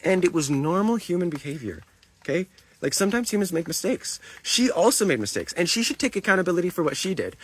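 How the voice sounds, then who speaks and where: Guy ranting to his stream chat, swears a lot, keeps repeating himself, husky voice. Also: high voice, sing-song, fast talker, fairly bright tone. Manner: defensive, repetitive, swearing. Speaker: livestreamer. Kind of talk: livestream talk to chat.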